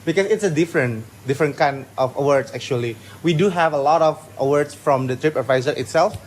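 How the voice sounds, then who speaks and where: Indonesian-accented man, retreat staff, rapid speech with restarts, fairly high voice, faint background ambience. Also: slight background noise, rough recording. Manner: fast-talking, hesitant restarts. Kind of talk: casual interview. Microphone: phone held nearby.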